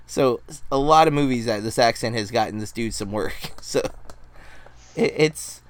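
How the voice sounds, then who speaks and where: A man's voice: mid-range voice, normal speed. A man co-hosting a casual podcast chat, talking with a lot of hesitant ums and restarts. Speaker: podcast co-host.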